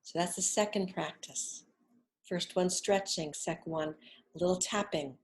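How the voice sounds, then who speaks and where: This middle-aged woman, a wellness instructor, takes listeners through a gentle relaxation session in an unhurried, low-pitched voice. She speaks soothingly and softly, exhaling in whispers between instructions.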